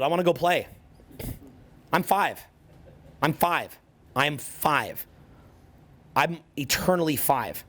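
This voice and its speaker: A man's voice: medium pitch, a bit bright. A man in his forties giving a motivational talk to an audience, intense and profane, driving his points home by repeating them. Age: 40s. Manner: profane, intense and emphatic, hammering points through repetition. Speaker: social skills coach.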